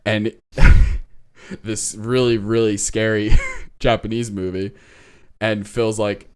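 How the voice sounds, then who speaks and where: A man co-hosts a casual podcast, retelling an episode with lots of energy. His voice sits low and comes across smooth and clear. He acts out the characters' lines, laughs often and drops the odd swear. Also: takes it slowly, long pauses. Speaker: podcast co-host.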